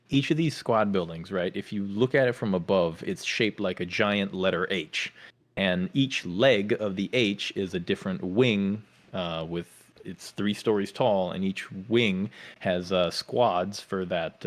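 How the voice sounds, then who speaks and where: Low-voiced man telling animated stories. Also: measured pace. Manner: animated storyteller acting out drill instructors. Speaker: podcast co-host; former Marine. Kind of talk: casual storytelling chat.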